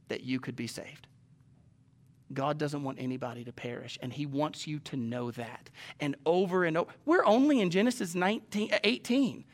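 High bright-voiced male preacher. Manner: asks the congregation many rhetorical questions; swings between raised emphatic lines and soft hushed ones. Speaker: pastor. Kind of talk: sermon.

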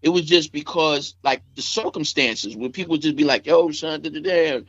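Speaking at normal speed in a fairly high voice, this Staten Island rapper rambles through a casual, emotional story as a podcast guest, leaning constantly on fillers like "you know what I'm saying." The podcast audio is dull and dry.

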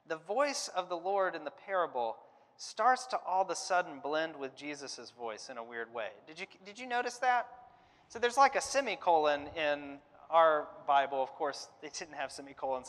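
A man's voice: a little high, a bit bright. A man giving a conversational Bible lesson, thinking aloud, hedging and restarting often. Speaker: Bible teacher. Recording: long hall reverb.

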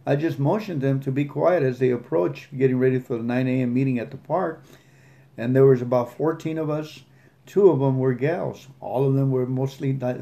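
A man hosting a podcast, reading a recovery story aloud and chatting earnestly, with halting restarts. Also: mid-range voice, vocal fry, warm tone. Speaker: podcast host.

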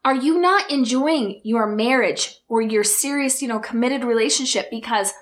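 A woman hosting her own podcast, talking straight to her listeners with rhetorical questions, earnest and openly emotional. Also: fairly high pitch. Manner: earnest, emotional, speaks in slow emphatic bursts. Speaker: podcast host. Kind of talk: heartfelt solo podcast talk.

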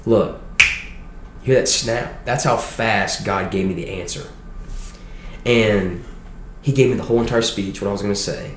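A young man guest sharing a personal testimony in an animated, quick storytelling way. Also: fairly low pitch. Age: young adult. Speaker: podcast guest. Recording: roomy room echo with faint noise.

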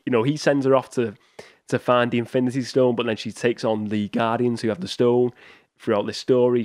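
A man's voice: mid-range voice, a little mellow, dry recording, studio quality. Chatty man hosting a movie podcast. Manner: rambling, with frequent restarts and chuckles. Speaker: podcast host. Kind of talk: casual solo podcast chat about movies.

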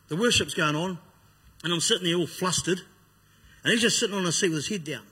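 A man's voice: high voice, quick pace, pushed and bright, breathy edge. A man telling his personal testimony, blunt and raw, acting out what he once said. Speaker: speaker giving a personal testimony. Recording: long hall reverb.

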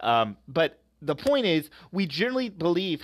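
A man's voice: on the high side, very animated, fairly quick, hardly any pauses, no echo. A man hosting a podcast, giving religious and political commentary with emphatic rhetorical questions.

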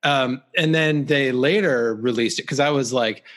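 A man's voice: mid-range voice, moderate pace, a bit bright. A man from Canada co-hosting a podcast in casual chat, joking and rambling with lots of fillers. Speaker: podcast co-host.

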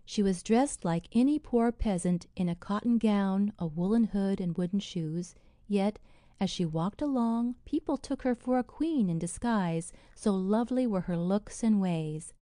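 A woman narrating a fairy tale audiobook in a measured, expressive way. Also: medium pitch, no echo, studio quality.

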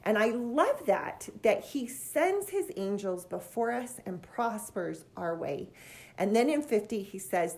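A woman's voice: medium pitch, animated, unhurried, a little mellow. A middle-aged woman giving a heartfelt, casual scripture lesson with earnest emotion. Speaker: scripture study teacher.

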